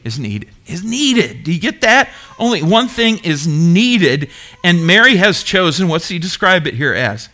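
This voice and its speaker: A middle-aged male pastor preaches with a lively, swooping delivery, pushing his congregation with questions and waiting for them to answer. His voice sits a bit high for a man and has a bright, forceful edge. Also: moderate pace. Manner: animated, emphatic preaching with call-and-response questions. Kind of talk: sermon.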